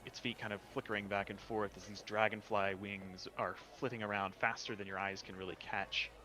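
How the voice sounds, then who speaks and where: A man's voice: lowish voice, level tone, a little fast, sharp tone, faint music behind. A man narrating a tabletop game as game master, describing scenes with small hesitations.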